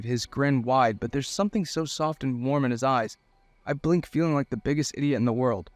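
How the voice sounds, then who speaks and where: A man's voice: medium pitch, moderate pace, no echo, faint music behind. A young man reading a first-person romance story aloud in an earnest, emotional way. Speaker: narrator.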